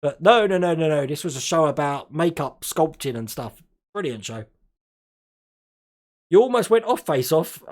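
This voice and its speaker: A man's voice: on the high side, lively intonation, moderate pace, long pauses. A man from Australia hosting a casual live stream, chatting and laughing often and tripping over his words now and then.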